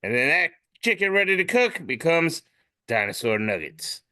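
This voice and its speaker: A man hosts a casual podcast, reading out memes with lots of animation. His voice is bright and clear. He swings widely in pitch as he jumps into squeaky voices for the captions. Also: sing-song, moderate pace. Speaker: podcast host. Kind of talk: casual chat describing memes aloud.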